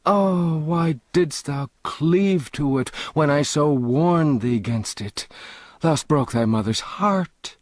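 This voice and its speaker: A man voicing a tearful, pleading poor mother in an audiobook, speaking slowly in old-fashioned speech. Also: medium pitch, lively intonation, a little mellow, no room sound, pitched above the performer's own voice. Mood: grieving. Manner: slow, pleading, archaic speech. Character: grieving poor mother, middle-aged woman, tearful and pleading. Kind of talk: audiobook character voice.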